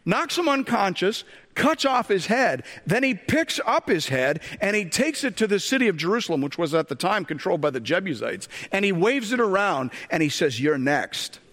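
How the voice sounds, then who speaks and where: Joking pastor preaching in a big echoing hall. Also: male voice, high voice, big pitch swings, moderate pace, few pauses, a bit bright. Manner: conversational with joking asides and rhetorical questions. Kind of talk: sermon.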